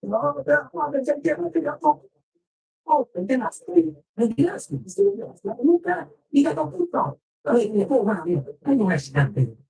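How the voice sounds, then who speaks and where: A man's voice: very high voice, big pitch swings, a little fast, gravelly, darkish tone, low-quality recording. A man telling a rambling story in casual talk, in loose, slangy street speech with frequent swearing.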